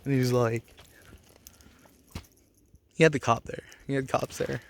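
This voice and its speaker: A man's voice: mid-range voice, fairly even intonation, a little slow, gravelly, a little hiss or hum. A man in his forties telling personal stories in a casual vlog, blunt and profane, rambling with bursts of anger. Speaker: vlogger.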